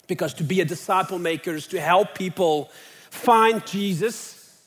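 Pastor, earnest sermon, fairly high voice, reverberant sanctuary. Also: male voice, normal speed, fairly bright tone. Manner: earnest preaching, rising emphatically on key questions. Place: church sanctuary. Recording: long reverb of a church hall.

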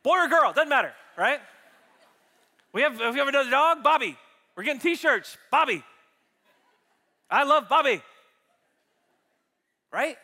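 A man preaching a sermon to his church, animated and jokey, acting out his illustrations for the congregation. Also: extremely high pitch, measured pace, long pauses. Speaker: pastor. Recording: reverberant hall.

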